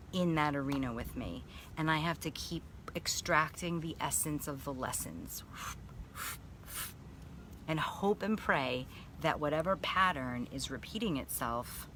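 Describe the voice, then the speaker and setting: A woman with a low voice talks frankly on a live stream and swears freely as she reflects on her own feelings. She breaks off now and then to welcome viewers by name, and there is a faint hiss behind her. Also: a bit bright. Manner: candid, profane, self-reflective, greets viewers by name. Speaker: spiritual coach. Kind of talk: live video monologue. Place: sitting in a baby pool.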